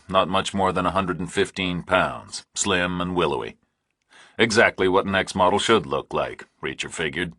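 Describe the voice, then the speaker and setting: A man reading a thriller audiobook in a measured, deliberate narration. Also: low voice, pushed and bright, no echo, clean studio sound. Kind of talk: scripted narration.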